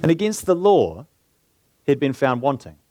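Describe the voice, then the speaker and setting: A man preaching a sermon in an earnest way, slowing down and lifting his voice to stress key points. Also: medium pitch, sing-song, dark tone, no echo. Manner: earnest, slows down and lifts his voice for emphasis.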